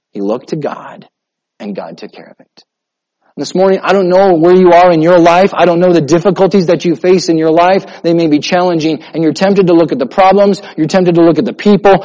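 A man pastor preaching a sermon, swinging between loud emphatic lines and soft, hushed ones. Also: a little high, highs cut off.

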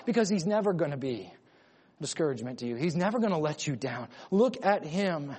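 A man preaching a sermon with emphatic delivery, swinging between loud urgent lines and quiet low ones. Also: sing-song, a little fast, slightly rough. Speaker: pastor. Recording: long hall reverb.

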